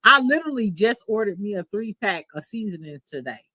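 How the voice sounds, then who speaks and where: A woman's voice: medium pitch, big pitch swings, a little fast, bright, forceful tone, no room sound, low-quality recording. A woman hosting a podcast, recapping reality TV in casual, profane, gossipy chat. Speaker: podcast host.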